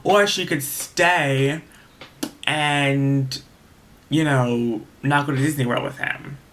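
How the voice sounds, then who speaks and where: A young man with a bright, forward voice rambles through a casual storytime, doubling back on himself as he goes. He sounds exasperated, venting more than narrating. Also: medium pitch, fairly even intonation, takes it slowly, slight background noise. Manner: rambling, with frequent restarts and asides. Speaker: vlogger.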